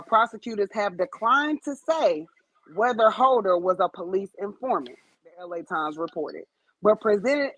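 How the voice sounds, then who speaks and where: Woman podcast co-host, husky, blunt and profane, reads gossip stories aloud. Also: mid-range voice, no room sound, low-quality recording. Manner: blunt, profane, chatty commentary. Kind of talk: casual chat, reading celebrity news stories aloud.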